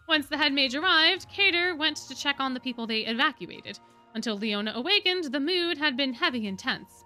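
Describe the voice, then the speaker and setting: A woman streamer reading a novel aloud live, lively and laughing at the text. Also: high voice.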